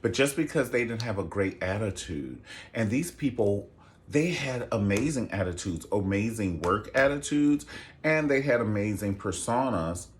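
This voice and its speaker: A man hosting a casual gossip commentary show, sassy and theatrical, jumping into high falsetto exclamations. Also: animated, moderate pace, slight background noise. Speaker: show host.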